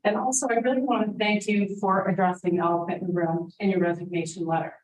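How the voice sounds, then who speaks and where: A woman's voice: mid-range voice, fairly even intonation, quick pace. Woman, heartfelt, emotional, echoey room, distant mic. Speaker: public commenter. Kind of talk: public comment at a town meeting.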